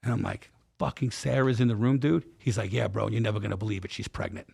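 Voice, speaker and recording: A middle-aged man with a fairly low, gravelly, slightly rough voice talks quickly as a guest on a podcast. His candid retelling is animated, slang-filled, and profane, with quotes acted out.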